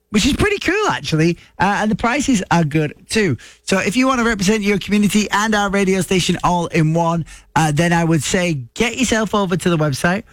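A man, hosting a radio show in a studio and chatting casually, rambling and spelling things out slowly. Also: high voice, fairly bright tone, dry recording. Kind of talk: casual on-air chat. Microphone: studio microphone.

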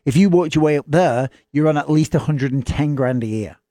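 A man's voice: fairly high pitch, mellow, dry recording. Chatty English man hosting radio. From England. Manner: chatty, jokey, does quick voices. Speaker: radio host. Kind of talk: casual radio chat.

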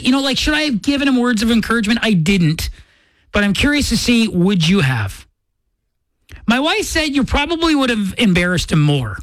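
A man's voice: sits high, sing-song, moderate pace, fairly bright tone, no echo. Chatty radio host man, dry studio sound. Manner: rambling, self-correcting, chatty. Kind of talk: casual on-air storytelling.

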